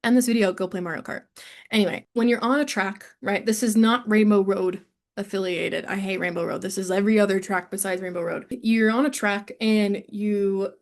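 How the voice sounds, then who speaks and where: A young woman runs a relaxed online singing lesson in a chatty, playful way. Her voice sits at an ordinary middle pitch for a woman. She talks straight into a studio microphone, friendly and informal. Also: normal speed. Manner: chatty and playful, breaks into sung examples. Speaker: voice teacher.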